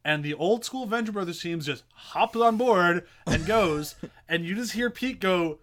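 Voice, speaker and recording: A man co-hosting a podcast in casual chat, animated, swearing and acting out quotes. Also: high voice, measured pace. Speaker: podcast co-host.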